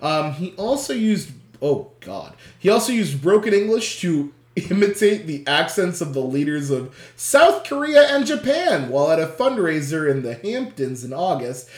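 A quiz host in casual chat, reading questions aloud, laughing often, swearing and reacting with loud dismay. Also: medium pitch, very animated, normal speed. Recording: roomy echo.

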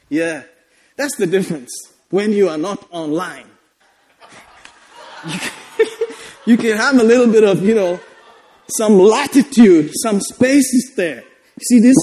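A man preaching a sermon as pastor, exuberant and laughing, breaking into shouts and repeating phrases. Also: high voice, lively intonation, normal speed, big-room sound.

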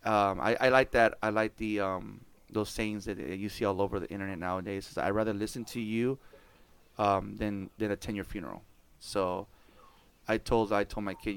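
A man, telling family stories on his podcast in a casual, animated way, swearing and laughing often. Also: on the low side, moderate pace, smooth. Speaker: podcast host. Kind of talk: casual storytelling chat.

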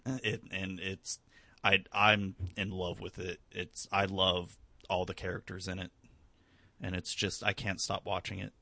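A man's voice: low-pitched, flat delivery, measured pace, vocal fry, pushed and bright, no room sound. A young man in casual chat, rambling with lots of fillers and swearing freely. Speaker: conversation partner.

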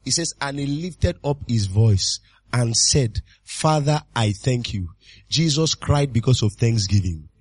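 A man preaching a sermon as pastor, exuberant and full of repeated calls and sudden shouts. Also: mid-range voice, lively intonation, measured pace, breathy edge, no room sound.

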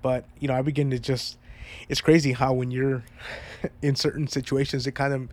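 A man with a stuffed-up, congested voice speaks to his viewers in a personal vlog. He talks at a middling pitch in an earnest, heartfelt way, rambling as he reflects. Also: little pitch movement, normal speed, a little mellow. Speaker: vlogger.

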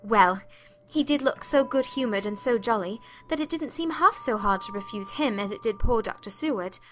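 A woman's voice: on the high side, expressive, brisk, a little hiss or hum. A woman narrating a period story as a heartfelt letter, in an emotive, confiding reading. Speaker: audiobook narrator.

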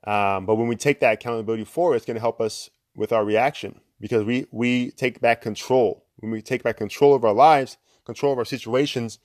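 A man's voice: mid-range voice, fairly even intonation, fairly quick, hardly any pauses, a little mellow, no echo, studio quality. A young man hosting a podcast, talking casually about self-improvement, filling gaps with "right?" and short laughs. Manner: conversational, lots of fillers and "right?" tags; laughs between points. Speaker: podcast host. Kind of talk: casual motivational monologue.

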